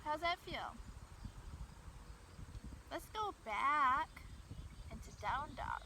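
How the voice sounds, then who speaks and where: A woman with a high voice guides children through yoga poses in an unhurried, encouraging way. She stands well away from the camera outdoors, so her voice sounds distant. Clear outdoor noise sits behind her. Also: big pitch swings. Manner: gentle, encouraging, talks to kids directly. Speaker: kids' yoga teacher. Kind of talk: guiding a children's yoga class. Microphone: camera mic from far away.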